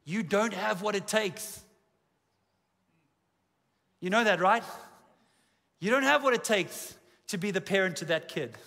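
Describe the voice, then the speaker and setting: A South African man in his forties preaches to a church, his voice high and bright as he mixes jokes about himself into the message. He speaks from a stage in a big auditorium, and a long hall reverb trails each line. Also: a little slow, creaky, pauses often. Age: 40s. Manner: humorous, self-deprecating storytelling, lively. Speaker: pastor. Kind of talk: sermon.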